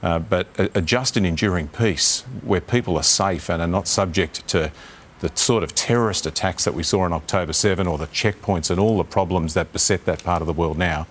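Deep-voiced Australian man on a panel. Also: fairly quick, a little hiss or hum. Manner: earnest, repeats words when pressed. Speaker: politician guest. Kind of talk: live TV panel debate.

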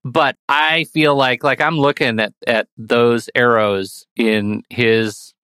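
A man co-hosting a movie podcast with a bright, forceful tone. He trades quick jokes and banter. The sound is close and dry. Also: mid-range voice, steady tone, clear, resonant tone, no room sound. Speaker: podcast co-host. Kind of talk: casual podcast chat.

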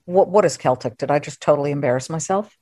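A woman hosting a podcast interview, chatty and playful with quick asides. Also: sits low, warm tone, dry recording, clean studio sound. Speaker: podcast host. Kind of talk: casual interview chat.

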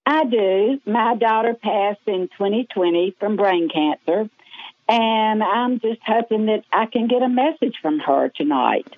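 A middle-aged woman with a Southern US accent, calling in to a radio show, earnest and laughing softly. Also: medium pitch, animated, measured pace, no room sound. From Birmingham, Alabama. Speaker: caller. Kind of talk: phone call to a radio show. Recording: tinny phone line.

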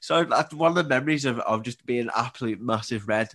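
A man in his twenties with a Scouse accent, chatting as a podcast guest and telling animated stories that he laughs through. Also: mid-range voice, a little fast. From Liverpool area, England. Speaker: guest, Paralympic table tennis player. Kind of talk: casual storytelling.

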